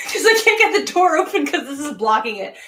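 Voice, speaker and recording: A woman's voice: high voice, very animated, moderate pace, sharp tone, distant mic, slight background noise. A young woman hosting a casual livestream from a spare room at home, chatty and giggly, laughing often. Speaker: livestream host. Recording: roomy sound, voice away from the mic.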